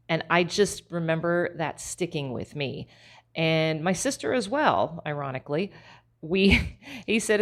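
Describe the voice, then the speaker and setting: A woman's voice: deep voice, normal speed. A middle-aged woman hosting a podcast, telling a candid personal story and laughing at herself now and then. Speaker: podcast host.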